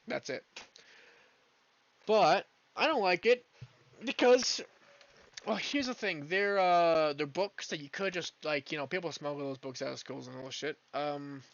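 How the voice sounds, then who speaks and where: Male streamer, casual, swears a lot, drifts off mid-sentence, higher voice, muffled cheap-mic sound. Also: fairly bright tone. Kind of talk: casual rant while gaming.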